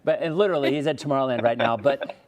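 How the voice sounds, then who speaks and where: A man with an American accent and a medium-pitched voice speaks at a racing pace while hosting a casual interview show. He's a weather presenter who rambles, restarts his thoughts, and chuckles as he tells stories.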